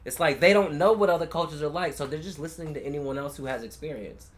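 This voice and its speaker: A man's voice: on the high side, fast talker. A young man from California, telling stories in casual conversation, swearing freely and acting out the people he quotes. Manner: profane, animated storyteller who acts out quoted people.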